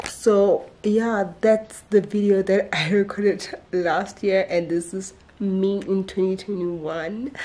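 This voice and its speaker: Slow, mellow-voiced young woman vlogger. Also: medium pitch. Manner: chatty and giggly, with earnest faith encouragement. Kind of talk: casual devotional vlog talk.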